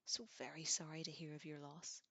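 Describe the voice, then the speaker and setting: A woman's voice: deep voice, flat delivery, brisk, vocal fry, a bit bright, no echo, full character voice. A woman reading in a whispered role-play, voicing an older, pompous male professor with a grave, ceremonious manner. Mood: solemn.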